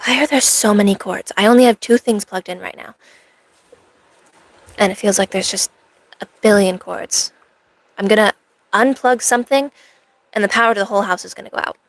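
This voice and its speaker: Chatting with viewers during an at-home cosplay livestream, this female streamer keeps up rambling, sarcastic, in-character banter. She speaks at a normal speed in a mid-range voice, with long pauses. The recording is dry.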